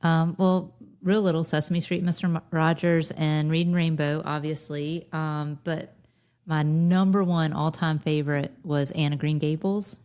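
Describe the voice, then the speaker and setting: A woman in her thirties with a Lowcountry Southern accent, co-hosting a podcast and telling wry, nostalgic stories with frequent laughter. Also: fairly even intonation, unhurried, a little mellow, clear, resonant tone. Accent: Southern US (Lowcountry South Carolina). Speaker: podcast co-host. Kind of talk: casual nostalgic chat.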